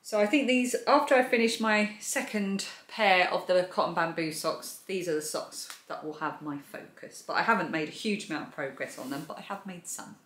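With a lowish, fairly bright voice, the host of a crochet and knitting channel chats at normal speed, barely pausing, as she enthusiastically shows her projects in a casual vlog. The sound is echoey.

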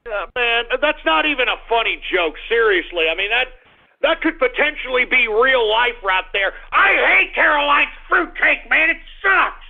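High creaky ranting radio host man. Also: expressive, moderate pace, a little hiss or hum. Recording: lo-fi phone-like radio audio.

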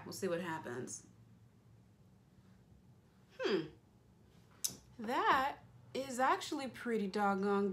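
A woman's voice: medium pitch, fairly bright tone. A young woman beauty vlogger chatting playfully as she narrates each step of her makeup routine. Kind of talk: casual makeup tutorial chat.

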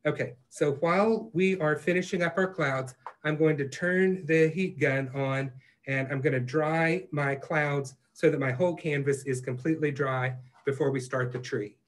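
A man teaching a live online painting class, talking in a relaxed, reassuring way with plenty of fillers. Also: fairly high pitch, moderate pace. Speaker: painting instructor.

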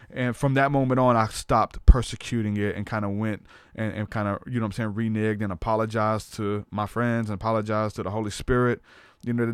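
A man speaking as a podcast host, recounting a personal story in an earnest, conversational way. His pitch sits in an ordinary middle range for a man. The sound is dry and close, with no room echo. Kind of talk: personal testimony in casual talk.

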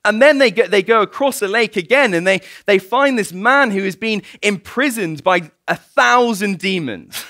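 A man preaching a sermon, spinning a story with lively, swooping intonation and a bright, forceful tone. He sits a little high for a man, and the sound is dry and close. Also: no echo. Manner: storytelling, animated, laughs often. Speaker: guest preacher.

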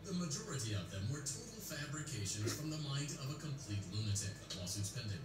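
An actor playing a cheerful, smug corporate announcer in a video game, reading a scripted, upbeat message. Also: male voice, medium pitch, sing-song, fast talker, lightly acted. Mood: chipper. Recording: game audio with music, roomy.

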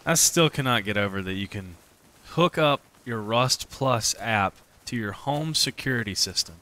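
A man streaming a survival game, bantering and joking with friends, often breaking into silly voices and shouts. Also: on the low side, animated, normal speed. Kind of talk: casual gaming banter.

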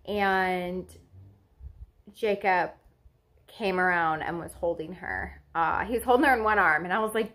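A woman in her twenties talks straight to the camera, telling a frightening personal story in casual, unpolished speech. She swears freely and sounds anxious and raw as she relives it, her pitch sitting at an ordinary middle height. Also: steady tone, measured pace, a bit bright. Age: 20s. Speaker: vlogger.

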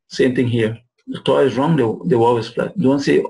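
Husky, gravelly male Quran teacher. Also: mid-range voice, steady tone, darkish tone, low-quality recording. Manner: repeats and restates words, pausing often. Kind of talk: recorded lesson explaining verses.

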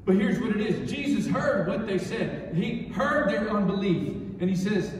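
A pastor with a high voice preaches a sermon, suddenly getting louder and softer and repeating key phrases. He sounds set back from the mic, and his voice rings through a large, echoing church hall. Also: expressive, moderate pace, far from the mic, a little hiss or hum. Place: church sanctuary.

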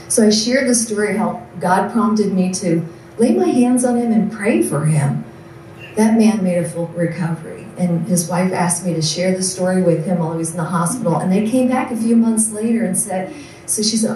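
A woman nurse sharing personal testimony stories at an event, earnest and lively as she acts out what others said. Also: fairly low pitch, normal speed, a little hiss or hum. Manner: earnest storyteller, acts out quoted voices. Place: large event hall. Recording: echoey room from far off.

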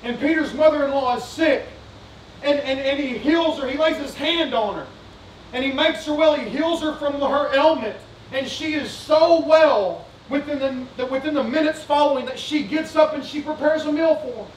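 A pastor with a strikingly high voice preaches with fervor, circling back on his points and putting questions to the congregation. He sounds a little off-mic, and his voice rings through a reverberant church sanctuary with faint room ambience behind it. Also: normal speed, recorded from a distance, a little hiss or hum. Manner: fervent, repetitive, asks the congregation questions. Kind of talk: sermon.

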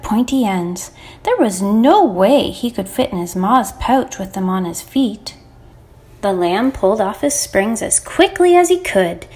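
A woman teacher reading a children's picture book aloud, expressive and animated. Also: mid-range voice. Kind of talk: children's storybook read-aloud.

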